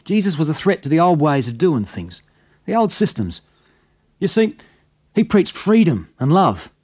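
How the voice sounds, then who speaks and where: A man's voice: on the high side, big pitch swings, moderate pace, darkish tone, husky. A man with an Australian accent, telling a story in a folksy, conversational bush-yarn manner as scripted radio narration.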